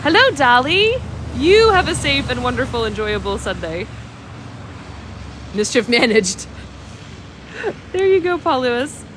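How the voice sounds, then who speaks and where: This host has a highish, very animated voice, keeping a measured pace and pausing often, with a little hiss or hum. Out on a village street, she leads a walking-tour livestream, bubbly and chatting with viewers' comments, a touch sniffly from a cold.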